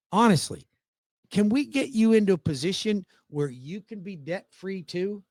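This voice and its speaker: A man hosting a radio show as a mortgage lender, telling a client story in a persuasive, animated way, with big swings in pitch and loudness for emphasis. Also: moderate pace, dry recording, studio quality.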